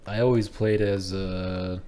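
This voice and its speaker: A man hosts a loose podcast chat with a low voice and an unhurried pace. He rambles and laughs a lot. A faint hiss sits behind him. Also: steady tone, dark tone. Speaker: podcast host. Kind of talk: casual chat.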